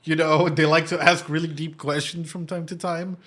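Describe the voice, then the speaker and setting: A young man with a somewhat high, very bright, sharp voice talks fast and loose into a streaming mic. He reacts with emotional energy, explains ideas like a psychologist, and swears often. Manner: animated, swearing, emotional, laughs and nearly cries. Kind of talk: casual reaction commentary. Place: home streaming room.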